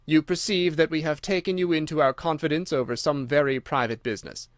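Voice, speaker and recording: Guy putting on a creepy giggly old villain, voice pushed up high, cold and threatening. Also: steady tone, brisk, no echo, clean studio sound, close to an everyday voice. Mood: menacing. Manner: menacing, nervous giggle. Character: sinister giggling older man, cruel and twitchy.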